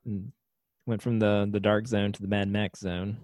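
A man's voice: lowish voice, normal speed, no room sound. A man co-hosting a casual podcast, joking wryly through a TV episode recap. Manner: wry, joking, lively delivery. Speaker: podcast co-host.

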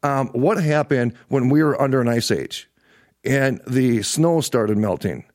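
A man's voice: mid-range voice, expressive, a little slow, darkish tone, no echo, studio quality. A middle-aged man hosting a livestream political show, ranting angrily, swearing and repeating himself for emphasis. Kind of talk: angry livestream political rant.

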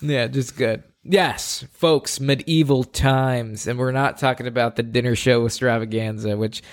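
A man's voice: medium pitch, fairly even intonation, unhurried. A man co-hosting a podcast, chatting casually, upbeat and joking as he plugs the show. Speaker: podcast co-host.

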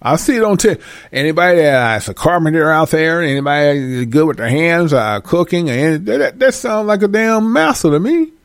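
A man giving an animated casual monologue to his viewers, swearing freely and laughing often. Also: on the high side, normal speed, no echo, clean studio sound. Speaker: host.

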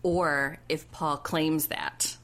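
A woman's voice: sits low, steady tone, extremely slow, a bit bright. A woman co-hosting a podcast, chatting casually and bluntly as she recaps a reality show. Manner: blunt, indignant commentary. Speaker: podcast co-host.

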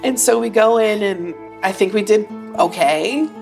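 A woman being interviewed as an actor and singer, telling stories in a lively, emotional way. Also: mid-range voice, a little slow, creaky, soft background music. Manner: animated, emotional, acts out quotes. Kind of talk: casual storytelling interview.

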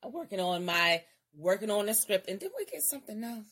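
A chatty middle-aged woman co-hosts a casual talk show, speaking. She keeps a lively back-and-forth going and drops in quick bursts of agreement. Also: mid-range voice. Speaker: co-host. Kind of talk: casual chat.

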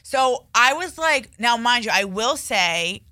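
A woman's voice: fairly high pitch, lively intonation, slow pace, sharp tone, dry recording, clean studio sound. A young woman telling a story in casual chat, rambling and full of fillers.

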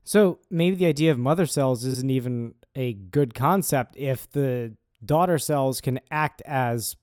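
A man co-hosting a casual podcast chat, dropping teasing asides and quick corrections. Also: medium pitch, darkish tone, no room sound, studio quality. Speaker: podcast co-host.

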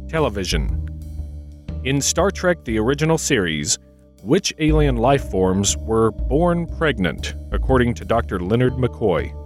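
A man's voice: medium pitch, very animated, measured pace, faint music behind. A man co-hosting a trivia podcast, reading out questions and bantering in a playful, jokey manner.

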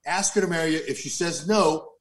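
A wisecracking ballplayer teammate, as a man puts him on, handing out advice in an offhand, joking way. His voice sits close to the teller's own, a little lower, and stays casual throughout. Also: brisk, a bit bright, a little hiss or hum, natural voice.

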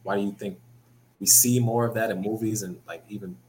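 Low-voiced man in casual talk. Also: brisk, slight background noise, low-quality recording. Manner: relaxed, thoughtful, many "you know" fillers. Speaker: podcast co-host. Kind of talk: casual chat.

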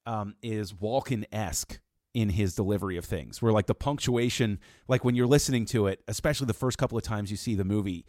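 A man with a somewhat low voice, talking through a film in a relaxed podcast chat. He reasons step by step, restarting sentences as he builds each point. The sound is dry and close, with no room around it. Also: fairly quick, dry recording. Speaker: podcast co-host. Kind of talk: casual podcast discussion.

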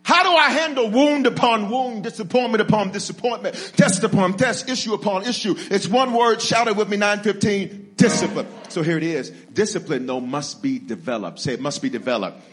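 A man preaching an energetic sermon. He leads the congregation in call-and-response, jokes with them, and swings from low asides to shouted, drawn-out climaxes. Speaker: pastor.

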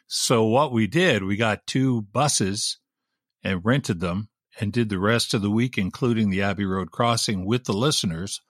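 A man who works in radio, telling animated, wry anecdotes in a casual chat. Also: fairly low pitch, a little slow, dry recording, studio quality. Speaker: radio DJ guest.

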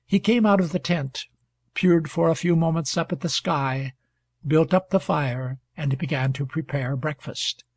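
A man narrates a novel in a steady, measured way. His somewhat high voice has a gravelly, husky grain, and the recording is close and dry. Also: no echo. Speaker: audiobook narrator. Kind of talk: scripted narration.

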